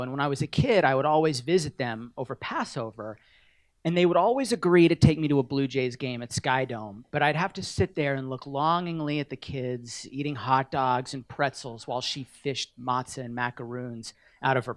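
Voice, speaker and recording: A man's voice: mid-range voice, normal speed, dry recording. A middle-aged man giving an award acceptance speech at a podium, telling wry, self-deprecating stories.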